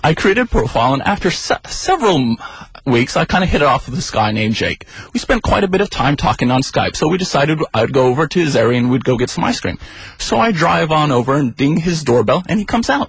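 A man's voice: a little high, big pitch swings, a little fast, breathy edge, no room sound, poor audio. A young man telling a funny personal story as a radio guest, wry and self-deprecating.

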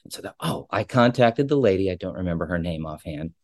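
A ship captain telling a personal story in a casual, digressive and openly emotional way. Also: male voice, low-pitched, lively intonation, fast, a little mellow, no room sound, studio quality.

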